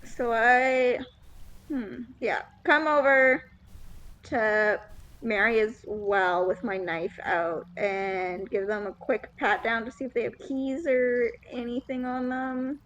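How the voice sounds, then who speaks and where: A woman with a somewhat high voice plays a tabletop game. She speaks slowly, pausing with ums as she works out each move. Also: fairly even intonation, a bit bright, lo-fi sound. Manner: slow, hesitant, many ums. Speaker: player.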